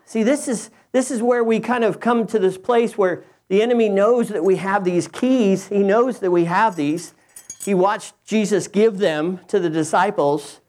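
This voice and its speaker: Man, pastor, earnest sermon in a church, repeats himself, builds excitement. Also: high-pitched, unhurried. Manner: earnest, repetitive restarts, rising excitement. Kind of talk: sermon with opening prayer. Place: church sanctuary.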